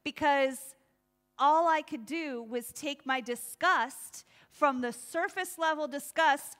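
Bright, high-voiced woman preaching. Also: slow pace. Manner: lively, laughing, acts out voices. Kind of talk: sermon.

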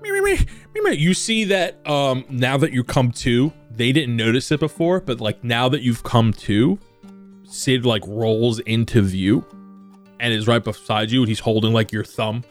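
A man's voice: mid-range voice, steady tone, a little slow, faint music behind. A young man narrating as game master of a tabletop game, casual and descriptive. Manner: casual, descriptive, filler-heavy.

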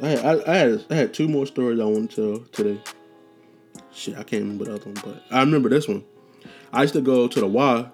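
A man's voice: mid-range voice, a little mellow. Young man telling rambling profane stories. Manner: loose, profane, rambling with restarts and slang. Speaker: podcast host. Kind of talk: casual storytelling monologue.

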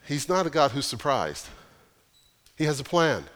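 Man, pastor, emphatic sermon, deliberate pauses, long church-hall reverb. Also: mid-range voice, sing-song, fairly bright tone. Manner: earnest, emphatic preaching with pauses.

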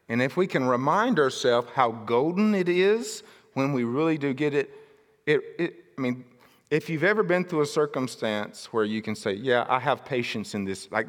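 A man preaching a sermon in a casual, jokey storytelling way, breaking into shouted outbursts. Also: mid-range voice, in a large hall. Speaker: pastor.

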